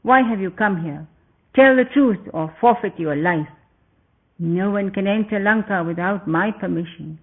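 A man voicing a fierce, gruff female demon gatekeeper in a storybook reading, over a tinny phone-like recording. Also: high voice, normal speed. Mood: demanding. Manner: gruff and commanding.

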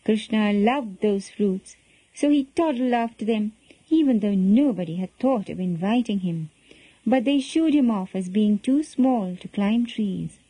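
A woman reading a children's story aloud in a gentle, expressive storytelling manner. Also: medium pitch, unhurried, husky, no room sound, poor audio.

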